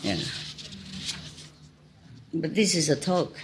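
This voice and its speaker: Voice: mid-range voice, very animated, slow, background noise. A spiritual teacher giving an informal talk full of anecdotes, in simple non-native English phrasing, often laughing and repeating words.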